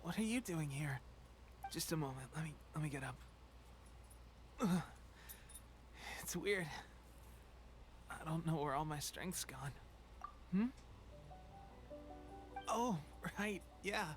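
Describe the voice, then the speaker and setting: An actor playing a weakened young soldier in a video game who coughs and speaks in an earnest, halting way. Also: male voice, fairly high pitch, animated, soft background music. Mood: weary. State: weak, coughing.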